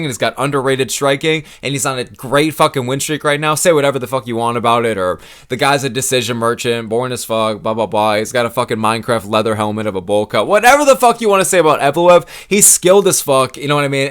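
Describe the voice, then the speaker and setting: A man ranting casually to camera about fight matchups, profane, excitable and rambling, swearing constantly. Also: medium pitch. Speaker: MMA commentary YouTuber.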